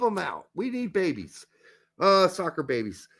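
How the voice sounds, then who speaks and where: A man with a high, bouncing voice that swings widely in pitch. He co-hosts a casual soccer chat and talks in an animated, profane, rambling way. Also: unhurried. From born in the US, raised in Germany. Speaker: podcast co-host.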